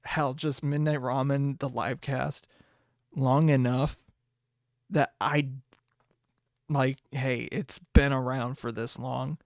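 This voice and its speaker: A man hosting a casual solo podcast, rambling, swearing and laughing often, with sudden jumps in pitch. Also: fairly even intonation, slow pace, pauses often, dry recording, studio quality. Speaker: podcast host.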